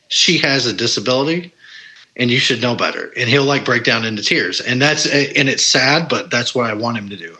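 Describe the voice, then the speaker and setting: A man with a bright, forward voice talks casually as a podcast guest. He is blunt and candid, swears now and then, and keeps restarting his sentences with plenty of ums and uhs. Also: mid-range voice, poor audio. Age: adult parent. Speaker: podcast guest, paranormal investigator. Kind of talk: casual conversation.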